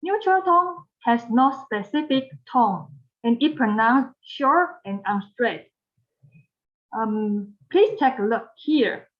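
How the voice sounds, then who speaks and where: A woman with a Mandarin Chinese accent teaching pronunciation, speaking slowly, repeating phrases and modeling tones for learners to repeat. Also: on the high side, lively intonation, muffled recording. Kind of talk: pronunciation lesson.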